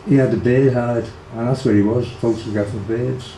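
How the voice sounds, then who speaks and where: A man's voice: medium pitch, fairly even intonation, normal speed, dark tone. An older man with a Liverpool accent, casually reminiscing about his brother in an interview, rambling with many fillers and restarts. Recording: echoey room, faint background hiss.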